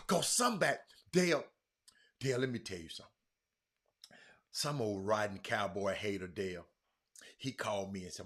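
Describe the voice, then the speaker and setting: A man with a medium-pitched, sing-song voice talks fairly quickly as he hosts a casual sports talk show on a live stream. He chats loosely, shouts out viewers by name, and restarts his sentences a lot.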